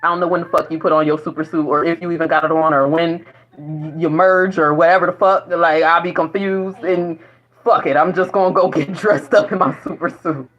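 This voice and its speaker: A woman's voice: on the low side, steady tone, brisk. A woman vlogging in a casual spiritual monologue, rambling and profane, often breaking into laughter. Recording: dull lo-fi recording.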